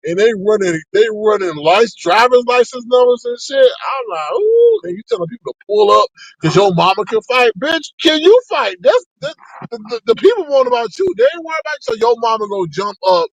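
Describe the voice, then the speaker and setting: A man rants sassily to his live-stream chat, his voice jumping from low grumbles to high squeals. The sound is close and dry, with no room echo. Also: a little fast. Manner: sassy and animated, with sharp pitch swings. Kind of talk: ranting live-stream commentary.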